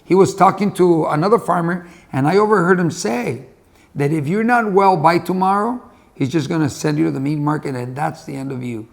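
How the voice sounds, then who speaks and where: A man's voice: a little high, a little fast, vocal fry. A man voicing a male farm donkey who gives crafty advice, in a storytelling voice close to his own. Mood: indignant. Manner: conspiratorial advice-giving.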